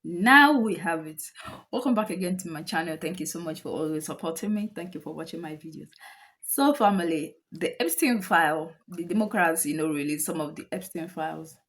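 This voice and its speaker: A woman's voice: low voice, normal speed, fairly bright tone. A woman with a Nigerian accent, hosting a casual reaction commentary and chatting directly to her viewers as family, repeating points for emphasis. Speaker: commentary host.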